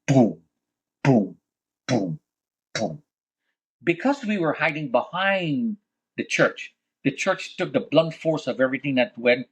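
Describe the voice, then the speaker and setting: A man's voice: on the high side, lively intonation, normal speed, slightly rough. A man recounting his own survival story in a vivid, dramatic way, with religious conviction. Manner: vivid, dramatic retelling that swings between hushed and loud. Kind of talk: emotional first-person storytelling.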